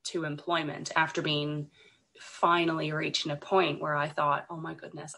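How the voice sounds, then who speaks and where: Croaky woman with a gravelly voice. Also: sits low, a bit bright. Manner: hesitant, with many ums and restarts. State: croaky from a cold. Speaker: podcast guest, illustrator and designer. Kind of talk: casual interview talk.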